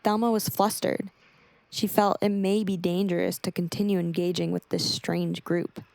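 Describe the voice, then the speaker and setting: A woman narrating an audiobook chapter in a steady storytelling manner. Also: on the low side, moderate pace, creaky, dry recording.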